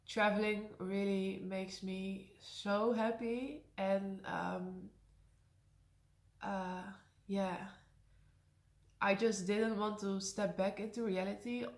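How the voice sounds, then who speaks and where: A woman's voice: mid-range voice, fairly even intonation, takes it slowly, long pauses. A young adult woman whose first language is Dutch, chatting candidly in a Q&A vlog and hesitating with fillers now and then. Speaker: vlogger. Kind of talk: casual Q&A vlog. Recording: echoey room.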